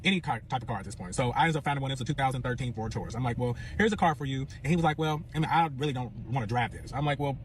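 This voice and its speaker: Fast-talking, profane storytelling man. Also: mid-range voice, slight background noise. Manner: animated, profane, swings to yelling and back. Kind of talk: casual storytelling.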